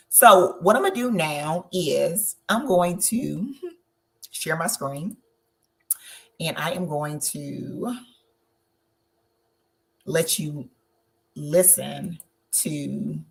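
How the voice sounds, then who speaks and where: Low gravelly woman with Southern drawl. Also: a bit bright. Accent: Southern US country. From Southern Georgia, USA. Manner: encouraging, checks in with "okay?" again and again. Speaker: travel host. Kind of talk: instructional webinar talk.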